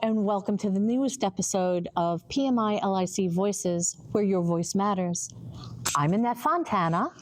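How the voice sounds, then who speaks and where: A woman's voice: mid-range voice, animated, normal speed, soft background music. A woman co-hosting a podcast, chatting playfully and joking with her co-host. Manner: playful, joking, laughs easily. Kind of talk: casual podcast chat.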